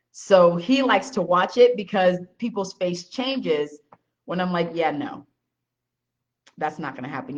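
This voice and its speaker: Woman vlogger, blunt and lively storyteller, lowish voice, muffled lo-fi recording. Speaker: small business owner. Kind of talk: casual on-camera chat with her husband. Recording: dull lo-fi sound.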